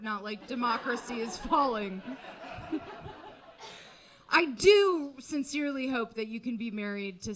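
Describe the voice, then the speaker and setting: Stand-up comic, woman, high bright voice, wry conversational delivery with sarcastic asides. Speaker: stand-up comedian. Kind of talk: stand-up comedy set. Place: comedy club stage.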